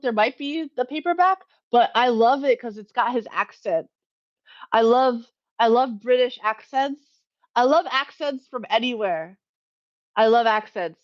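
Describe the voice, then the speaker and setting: The woman's voice is a little high, and the recording is muffled. As a livestream host doing a casual Q&A from home, she rambles, corrects herself, and laughs a lot while addressing her chat.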